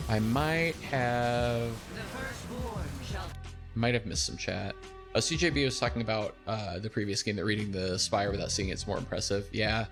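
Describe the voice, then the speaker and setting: With a lowish voice at a normal speed, a young streamer goes over a replay of his own game in a relaxed, animated way, poking fun at himself and laughing often. Music plays in the background.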